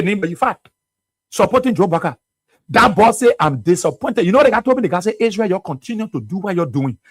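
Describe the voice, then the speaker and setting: A man with a Liberian English accent hosting a radio talk show, giving animated, mocking political commentary and laughing often. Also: high-pitched, dry recording.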